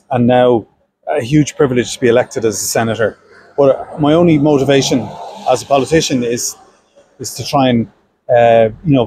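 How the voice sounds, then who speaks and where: A man's voice: medium pitch, warm tone, breathy edge, rough recording. A middle-aged Irish man, a senator, speaking earnestly in an interview with frequent restarts and fillers. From Ireland. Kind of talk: political interview.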